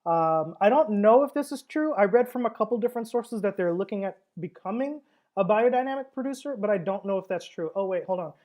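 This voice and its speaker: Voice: mid-range voice, lively intonation, brisk, a little mellow. A wine seller hosting a casual livestream tasting, talking in a chatty, rambling way with frequent fillers and laughs.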